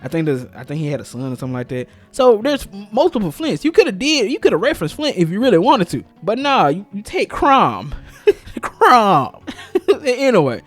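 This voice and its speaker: A young man rants casually about a movie he dislikes, his voice a little high and swinging all over as he gets worked up. He laughs often and circles back on his own points in exasperation. Faint music plays quietly underneath. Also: quick pace, hardly any pauses. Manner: animated, exasperated, laughing often, repeats himself. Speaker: gaming video host. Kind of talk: casual opinion rant.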